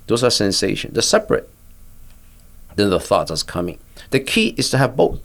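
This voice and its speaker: An older man, a physician, guiding a listener through a body-awareness exercise in a calm, patient, instructive way. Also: fairly low pitch, normal speed, creaky. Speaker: physician and therapist guest. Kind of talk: guiding a mindfulness exercise in conversation.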